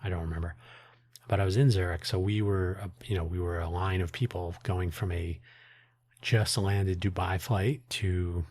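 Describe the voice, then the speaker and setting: A man's voice: low voice, darkish tone, slightly rough, no room sound. A man hosting his own podcast, talking in a rambling, wry way with frequent restarts and asides. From United States. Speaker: podcast host. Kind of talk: casual solo monologue.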